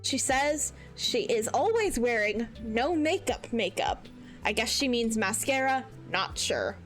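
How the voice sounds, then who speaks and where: Giggly woman streamer reading posts out loud, high voice that bounces all over, music playing behind. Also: expressive, measured pace. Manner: giggly, reads with mock outrage. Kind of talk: casual chat, reading aloud.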